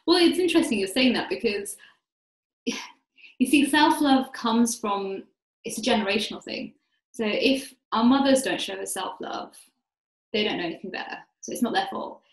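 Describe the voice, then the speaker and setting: A woman's voice: on the high side, animated, normal speed. British-born woman, roomy echo. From Britain. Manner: earnest, reflective, with frequent "like" and "you know". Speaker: guest, life coach. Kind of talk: podcast interview conversation.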